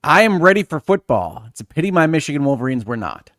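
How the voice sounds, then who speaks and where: A man's voice: fairly high pitch, very animated, fast, fairly bright tone, dry recording, clean studio sound. A man co-hosting a casual podcast, explaining things in an enthusiastic, detailed way. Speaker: podcast co-host.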